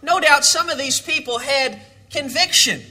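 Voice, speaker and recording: A man preaching a sermon, building to dramatic shouts and then dropping low. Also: unhurried.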